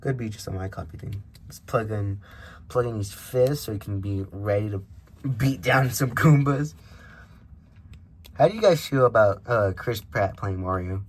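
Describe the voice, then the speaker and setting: A man with a lowish voice reviews a toy figure in a relaxed unboxing vlog, speaking at a moderate pace. He wanders off topic with frequent self-interruptions, recorded through a camera microphone with slight background noise.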